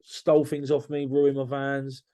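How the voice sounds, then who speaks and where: A man's voice: medium pitch, monotone, measured pace, mellow. A man talking candidly as a podcast guest, blunt and swearing freely, often restarting his sentences.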